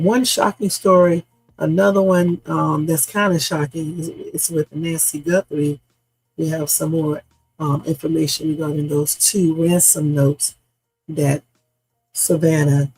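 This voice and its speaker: A man hosting a casual news-reaction livestream, hoarse from a sore throat, chatting straight to his viewers with rambling asides. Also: a little high, a little mellow, no echo, rough recording. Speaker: livestream host. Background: background music.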